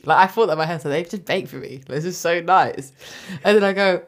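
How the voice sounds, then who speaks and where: A woman chats on a podcast with a lower, lively voice. She teases her co-host and swears casually. Her pitch jumps around a lot as she gets animated. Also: moderate pace, few pauses. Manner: animated, teasing, swears freely. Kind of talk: casual chat.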